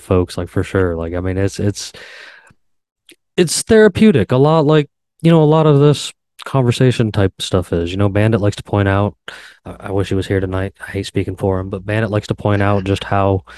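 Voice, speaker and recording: Male co-host, low smooth voice, rambling easygoing delivery. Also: mellow, no echo. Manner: rambling, with fillers and restarts. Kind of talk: casual chat.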